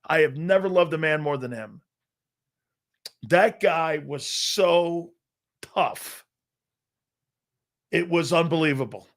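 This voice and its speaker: Brash, higher-voiced man in his fifties. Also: a little slow. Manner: brash, boastful storytelling with lots of restarts and acted-out quotes. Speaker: sports talk show host. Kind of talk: casual sports talk storytelling.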